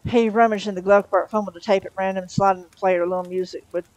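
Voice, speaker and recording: A woman reading a comic novel aloud, steady, with small slips and restarts. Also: mid-range voice, very fast, no echo, low-quality recording. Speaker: storyteller.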